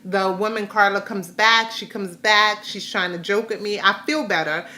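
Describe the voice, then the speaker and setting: A woman's voice: medium pitch, fairly even intonation, moderate pace, bright, forceful tone. A woman vlogger, mother of a grown son, candidly retelling a hard day with rambling restarts. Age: adult, has a grown son. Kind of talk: personal storytelling vlog.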